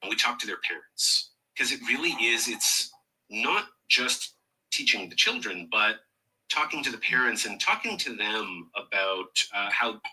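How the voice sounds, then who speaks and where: Guy on a panel, kinda low and husky, earnest and umming a lot. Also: expressive, measured pace, bright, forceful tone, low-quality recording. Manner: earnest, hesitant, with many fillers. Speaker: guest in a played discussion clip. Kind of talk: discussion panel talk.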